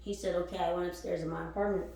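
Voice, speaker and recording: A woman hosting a spiritual channel, telling a story in casual, animated, swearing talk and laughing often. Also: on the low side, racing, creaky. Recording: echoey room, voice far from mic.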